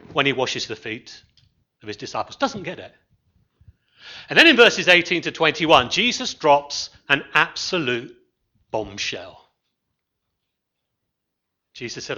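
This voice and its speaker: A man preaching a sermon as a minister, expressive, with dramatic pauses and phrases that fall soft at the end. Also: fairly high pitch, highs cut off.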